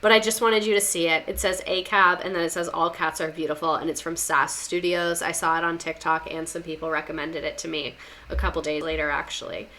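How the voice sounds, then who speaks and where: Young woman podcast host, casual sarcastic chatter with a bright, sharp tone. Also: low-pitched, little pitch movement, a little fast. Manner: chatty, sarcastic, repeats words for comic effect. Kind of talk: casual chat reading listener stories.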